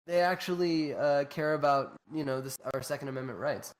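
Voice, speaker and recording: A man's voice: a little high, brisk, few pauses. A man from New Mexico co-hosting a podcast in casual, profane chat, laughing often. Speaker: podcast co-host.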